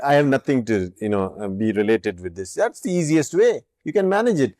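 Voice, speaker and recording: A middle-aged man gives a spiritual talk in a mellow, warm voice, acting out the different people in his anecdotes. He hammers home his points by repeating them. The recording is dry and close. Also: mid-range voice, fairly quick, no echo. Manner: lively storyteller who plays out both sides of dialogues; emphatic, repeats key points. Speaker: spiritual teacher. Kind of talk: reflective talk with acted-out anecdotes.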